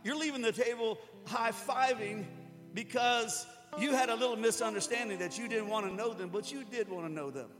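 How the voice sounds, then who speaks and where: Guy preaching, pretty high voice, chatty and jokey, echoey church with music under it. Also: moderate pace, fairly bright tone. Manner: conversational, joking, with acted-out quotes. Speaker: pastor. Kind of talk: sermon. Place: church hall before an audience. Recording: hall reverb with music behind.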